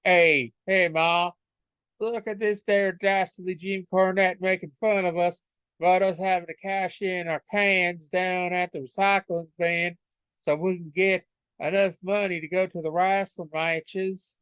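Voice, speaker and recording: A man voicing an excited rural male wrestling fan in a fake Southern American accent, hollering to his mother. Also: high-pitched, measured pace, smooth, dry recording, highs cut off, pitched above the performer's own voice.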